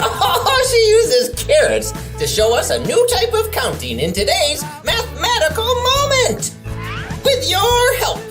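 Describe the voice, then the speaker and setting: A woman hosting a children's educational show who speaks to young viewers as friends. Her voice bounces with lively pitch while her pace stays unhurried and easy. Faint music plays behind her. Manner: playful and encouraging, talks to viewers as friends; chatty, thinks aloud with fillers and laughs.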